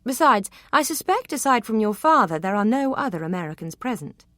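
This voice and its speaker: A woman's voice: on the high side, very animated, brisk, a bit bright, no room sound, voice pushed up. A woman voicing a poised, cool young lady of rank in an audiobook, speaking in an arch and precise way. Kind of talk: audiobook character reading.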